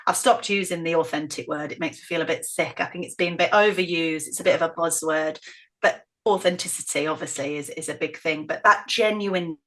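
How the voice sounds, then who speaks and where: A middle-aged woman with a northern English accent, telling stories as an interview guest in an outspoken, animated way. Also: low-pitched, fairly quick. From northern England. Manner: outspoken, animated, acts out quoted voices. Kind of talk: casual interview storytelling.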